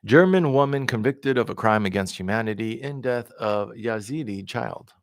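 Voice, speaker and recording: A man's voice: medium pitch, lively intonation, normal speed, no room sound, studio quality. A man reading news articles aloud in a plain voice, with occasional stumbles and repeats and offhand asides. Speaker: independent candidate reading the news.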